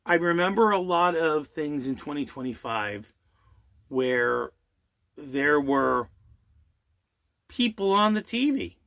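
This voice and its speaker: Guy ranting slow and sarcastic, bright voice that jumps all over in pitch. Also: sing-song, gravelly. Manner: angry, sarcastic rant with rhetorical questions and swearing; drawls some words slowly for emphasis. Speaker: channel host. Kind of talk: ranting monologue.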